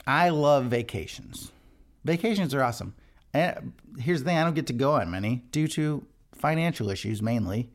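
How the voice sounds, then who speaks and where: This man hosts a devotional podcast and leads worship, talking in an animated, mid-range voice at normal speed. He's earnest and conversational, frequently starting his sentences over.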